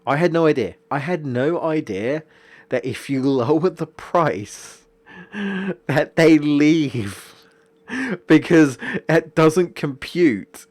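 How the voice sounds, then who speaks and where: A man's voice: on the high side, animated, takes it slowly. A young man streaming a video game, ranting casually with lots of swearing and exasperated jokes. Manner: profane, exasperated, jokey rants. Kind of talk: casual gaming stream commentary.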